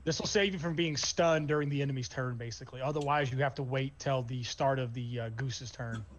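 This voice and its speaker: A man's voice: medium pitch, fairly quick, muffled recording. A man narrating as game master, describing the scene casually with many fillers.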